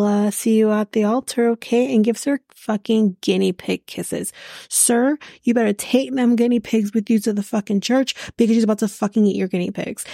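A woman recaps a reality show on her podcast in a blunt, profane rant. Her voice carries a gravelly fry at a middle pitch. The sound is dry and close, with no room around it. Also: darkish tone, no echo. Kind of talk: casual recap chat.

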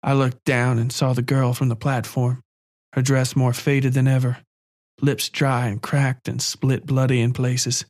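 A man narrating a first-person horror story in a measured, quiet, calm way. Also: medium pitch, no room sound, studio quality.

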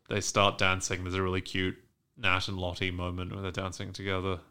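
A man hosting a podcast, recapping a TV episode in casual, profane chat and acting out the characters' lines with animated swings. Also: low-pitched, moderate pace, smooth. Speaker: podcast host recapping a TV show.

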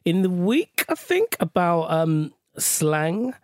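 An English man co-hosting a podcast, chatting in a relaxed, slightly hesitant way. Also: high-pitched, slow pace, no room sound, studio quality. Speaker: podcast co-host. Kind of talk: casual chat.

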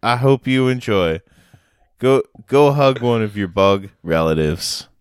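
A man co-hosting a podcast, chatting casually and making absurd deadpan jokes. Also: fairly low pitch, a little slow, smooth, no room sound, clean studio sound. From United States. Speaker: podcast co-host. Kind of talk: casual chat.

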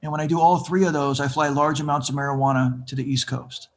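A man in his fifties telling his own life story in an interview, animated and acting out the voices of people he quotes. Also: mid-range voice, quick pace, slight background noise. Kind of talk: conversational storytelling.

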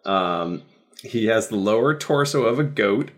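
A man narrating a tabletop game as game master, describing scenes in a relaxed way with fillers. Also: on the low side, measured pace.

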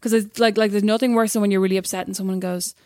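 A woman's voice: medium pitch, fairly even intonation, darkish tone, no echo, studio quality. A woman in casual chat as co-host, with a teasing manner. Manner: quick, teasing.

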